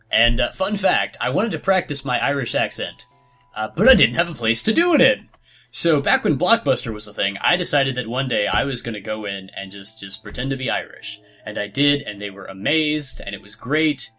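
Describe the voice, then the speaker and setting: A young man co-hosting a game playthrough, telling stories in a chatty, animated way with lots of fillers. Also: medium pitch. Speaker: let's play co-host. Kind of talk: casual gameplay chat.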